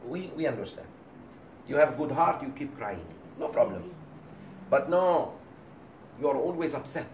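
Man, religious teacher, animated delivery, acts out quotes, distant roomy recording. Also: medium pitch, normal speed, long pauses, noisy background. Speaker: Islamic teacher. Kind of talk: lecture to a class. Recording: roomy, distant mic, faint background.

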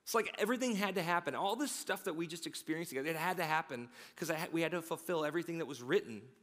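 Energetic preacher with a stammer, long reverb. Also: male voice, fairly high pitch. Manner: energetic, conversational, occasional stammering. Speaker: pastor. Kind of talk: sermon. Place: large church sanctuary.

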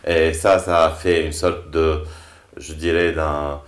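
A man with a very deep, flat voice speaks slowly and in a measured way, often searching for the right word. The recording has a roomy echo. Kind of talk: reflective spoken commentary. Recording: echoey room.

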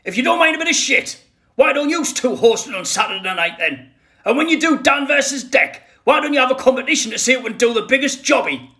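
A man's voice: very high-pitched, animated, fairly quick, pushed and bright, roomy sound. A man hosting a comedy sketch in a cheeky, mock-outraged manner.

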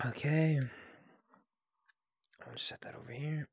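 Excitable young man streaming a game. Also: on the high side, unhurried, vocal fry, background noise. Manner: excitable, swears freely, talks to his chat. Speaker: livestreamer. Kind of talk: casual live gameplay chatter.

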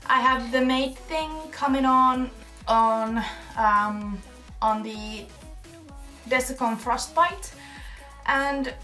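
High-voiced chatty woman. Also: fairly bright tone. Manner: chatty, giggly, swears casually. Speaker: vlogger. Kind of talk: casual chat. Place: home, indoors by a balcony door. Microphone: camera mic.

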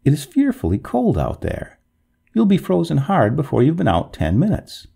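A man puts on a wailing female water ghost in a storybook reading, pitched well above his usual voice. She pleads and begs in swooping, melodramatic lines, with a husky, gravelly grain. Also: wildly swooping pitch, moderate pace, warm tone, heavily acted. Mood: pleading. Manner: pleading, melodramatic, rising to wails.

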